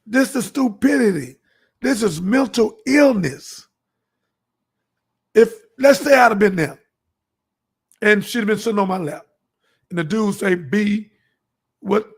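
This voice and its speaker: Gravelly high-voiced man preaching to camera. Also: animated, unhurried, long pauses. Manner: fervent, storytelling, acts out dialogue. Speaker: show host.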